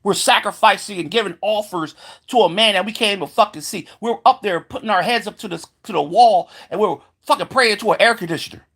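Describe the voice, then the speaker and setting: Vlogger ranting to camera: heated and sarcastic, swears nonstop, trips over repeated words, medium pitch. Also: fairly quick, a bit bright. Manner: stumbles into repeated filler words; mocking voices of believers. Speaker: solo vlogger. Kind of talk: profane rant to camera.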